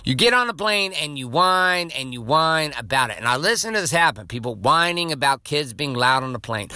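A man's voice: on the high side, lively intonation, fairly quick, few pauses, pushed and bright, dry recording. A male podcast host giving a blunt, profane, emphatic motivational monologue.

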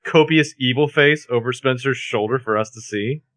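A man's voice: medium pitch, normal speed, a bit bright, no room sound. A man co-hosting a casual podcast, narrating a TV episode with wry, exasperated jokes. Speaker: podcast co-host. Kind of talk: casual recap chat.

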